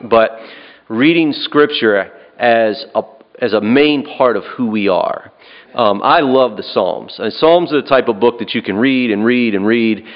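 A man preaches a sermon in an earnest, plain way. His voice sits at an ordinary middle pitch. He often circles back and repeats phrases. The recording sounds dull and lo-fi. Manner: earnest, repeats and restarts phrases, asks "right?".

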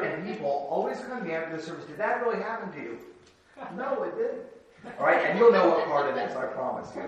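Homem pregando num salão com eco, distante. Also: male voice, on the high side. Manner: swings from soft asides to shouted exclamations, storytelling with humor. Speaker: preacher. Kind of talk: sermon. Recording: echoey hall, from far off.

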